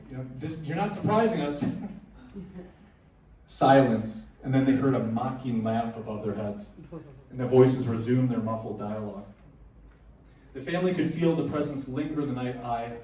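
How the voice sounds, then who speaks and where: A man's voice: medium pitch, warm tone, a little hiss or hum. Man telling ghost stories in an echoey hall. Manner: casual, joking storyteller with restarts. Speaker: conference presenter. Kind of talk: storytelling talk to a live audience. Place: packed conference room. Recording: echoey room, heard from far off.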